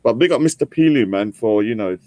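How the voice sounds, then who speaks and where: A man's voice: medium pitch, animated, fairly quick, dark tone, dry recording. A man chatting casually on a podcast, full of fillers like "you know" and "like". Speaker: podcast guest. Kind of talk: casual chat.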